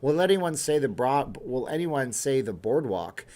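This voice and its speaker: A man's voice: medium pitch, big pitch swings, measured pace, a little mellow. Chatty man hosting a livestream. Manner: talkative, reads viewer comments aloud and answers them. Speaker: livestream host. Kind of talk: casual livestream chat.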